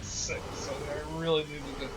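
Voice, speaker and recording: Man, co-streamer, offhand low-key chat, somewhat high pitch, hissy recording. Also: level tone, measured pace. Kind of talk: casual chat while gaming.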